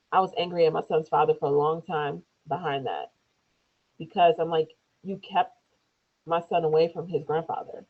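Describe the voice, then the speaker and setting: A woman, an interview guest, telling a personal story in a loose conversational way, acting out quoted speech in higher voices. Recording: tinny phone-like lo-fi audio.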